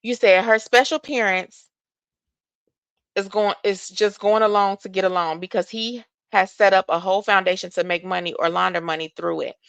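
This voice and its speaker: Bright-voiced woman hosting livestream commentary. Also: mid-range voice, fairly even intonation, normal speed, gravelly, clear, resonant tone, dry recording. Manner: reads text messages aloud and reacts with opinion; addresses viewers directly as y'all.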